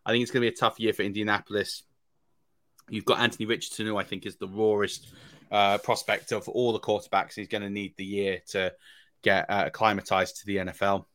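A man's voice: on the low side, little pitch movement, fairly quick, a bit bright, no room sound. A man co-hosting a fantasy football podcast, giving casual analysis with many ums and restarts.

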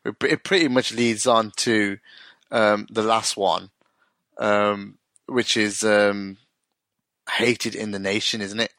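Guy on a podcast, bright forceful voice, swears a lot, voice shoots up when he's laughing, dry close sound. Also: fairly low pitch, slow pace, no room sound. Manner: animated, swears freely, voice jumps up when amused. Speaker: podcast co-host. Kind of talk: casual chat reviewing TV episodes.

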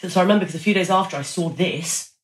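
A young woman, an actress, chatting in an interview in an animated way, with quick restarts and acted-out quotes. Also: fairly low pitch. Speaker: actress guest. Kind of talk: casual interview chat. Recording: echoey room.

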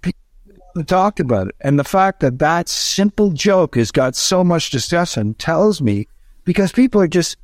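A man, a stand-up comedian, chatting casually on a podcast in a rambling, animated way with frequent restarts. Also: a little high, normal speed, no echo, clean studio sound.

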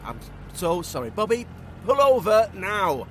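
Fretful stammering English bloke, high voice, swings wildly, noise behind. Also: male voice, very animated, normal speed, a bit bright. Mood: flustered. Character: anxious, well-meaning English man, easily flustered.

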